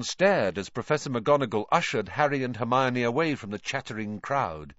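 A man narrating a storybook reading in an expressive, animated way. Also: mid-range voice, moderate pace, hardly any pauses, dry recording. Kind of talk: audiobook reading. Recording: dry, dull lo-fi.

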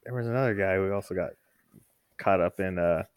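A man's voice: low voice, fairly quick, smooth, dry recording. A man co-hosting a casual podcast, throwing in wry, sarcastic remarks. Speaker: podcast co-host. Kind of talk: casual chat.

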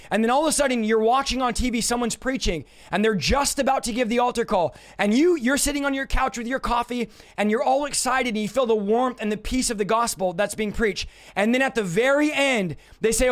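A male preacher with a very high voice, delivering a sermon with urgent intensity. He tells vivid stories and acts out desperate pleas along the way. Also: a little fast, few pauses, fairly bright tone.

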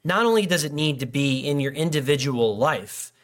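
A man's voice: fairly high pitch, expressive, normal speed, a bit bright. A middle-aged male pastor preaching a casual sermon, joking and acting out little dialogues between people. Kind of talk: conversational sermon.

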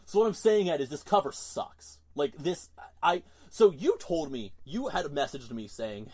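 Podcast guy going off on a rant, mid pitch, super emphatic and fed up. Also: expressive, moderate pace, darkish tone. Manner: ranting, exasperated, emphatic. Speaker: podcast co-host. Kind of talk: casual podcast chat.

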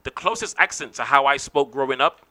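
Animated man with an English accent. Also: mid-range voice, a little fast. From England. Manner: animated, swears freely. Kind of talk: casual chat.

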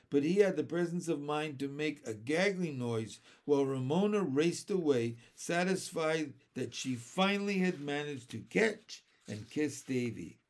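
A man narrating a children's book aloud with steady, expressive storytelling. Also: fairly high pitch.

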